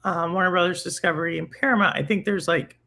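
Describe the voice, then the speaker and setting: A podcast host in casual chat who talks in an animated way, thinking aloud and restarting sentences. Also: medium pitch, fast, vocal fry.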